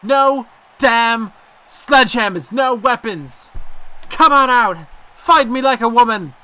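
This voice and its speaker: Man putting on a cocky woman wrestler, mock Irish accent, brash trash talk, high bright voice. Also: animated, takes it slowly, smooth, heavily acted. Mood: defiant. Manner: brash trash talk, higher than his own voice. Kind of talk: video game role-play promo.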